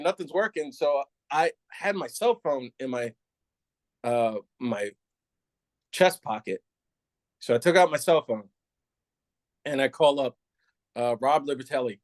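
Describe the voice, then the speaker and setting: Recorded without echo, a middle-aged man whose voice sits a little high recounts a candid story from his days as a New York City cop, now retired. He laughs a lot, stays lively, and voices others' dialogue himself.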